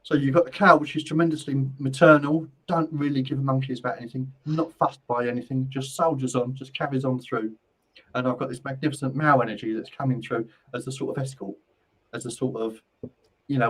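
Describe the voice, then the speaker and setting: Brief: male medium hosting a live stream, mid-pitched, chatty and repetitive, stumbles over restarts. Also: fairly even intonation, fairly quick, a bit bright, poor audio. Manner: rambling, repeats phrases, stumbles on restarts. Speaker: spiritual medium and host. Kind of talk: live-stream psychic readings.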